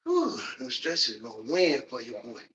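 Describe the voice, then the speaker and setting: A man leading a workout on a livestream, out of breath as he exercises and talks in a preachy, pumped-up coaching way with loud whoops. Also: medium pitch, huge pitch swings, normal speed, muffled recording. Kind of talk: motivational workout talk. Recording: voice distant from the mic.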